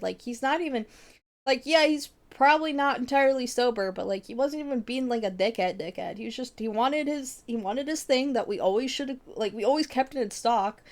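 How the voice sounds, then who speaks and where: A woman's voice: a little high, quick pace. A young woman streamer chatting casually, telling a rambling story with a lot of swearing and frequent laughter. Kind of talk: casual chat.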